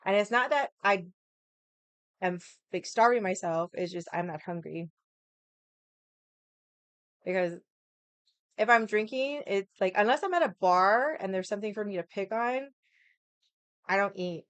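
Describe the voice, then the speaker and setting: In a medium-pitched, smooth voice with a measured pace and frequent pauses, a young adult woman chats casually on her livestream. She's frank, swears freely, and says "like" a lot, with no room sound.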